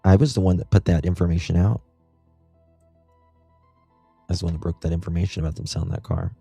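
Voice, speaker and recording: Male livestream host, deep mellow voice, dry close sound, ponders aloud. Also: steady tone, quick pace, vocal fry, slightly rough, no room sound, faint music behind. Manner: musing, thinks aloud with rhetorical questions. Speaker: true-crime livestream host. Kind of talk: casual livestream commentary.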